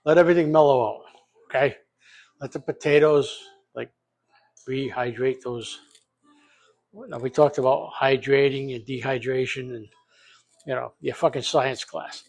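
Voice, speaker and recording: A man's voice: mid-range voice, fairly even intonation, unhurried, long pauses, darkish tone. An older man hosting a casual home cooking vlog from his kitchen, talking off the cuff with plenty of profanity and jokes. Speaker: home cook, vlog host.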